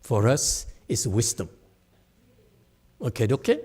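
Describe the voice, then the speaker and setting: A man's voice: mid-range voice, sing-song, slow, darkish tone, breathy edge. A middle-aged man, a Buddhist teacher, giving a chatty dharma lecture with digressive asides and frequent laughs. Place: temple hall.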